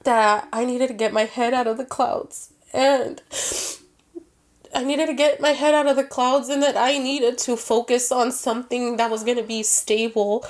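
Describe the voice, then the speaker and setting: High-voiced woman telling a personal story. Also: fairly even intonation, normal speed. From Mexican-American family. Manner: earnest, switches into Spanish phrases mid-sentence. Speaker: podcast co-host.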